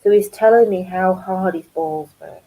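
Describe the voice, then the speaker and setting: A middle-aged woman with a Geordie accent, telling funny stories in a casual chat on her craft channel, animated and amused. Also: lowish voice, normal speed, low-quality recording. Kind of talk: casual chatty storytelling.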